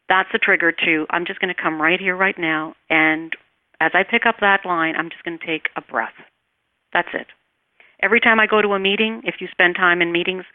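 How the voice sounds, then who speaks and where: A woman teaching meditation in an interview, speaking calmly and soothingly, and her voice trails off softly as she guides the breathing. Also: on the low side, dry recording. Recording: tinny phone line, dry.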